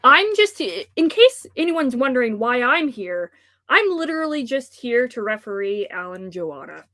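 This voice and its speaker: A woman's voice: on the high side, very animated, moderate pace, bright, forceful tone. A woman guest acting as referee in a casual discussion, joking dryly.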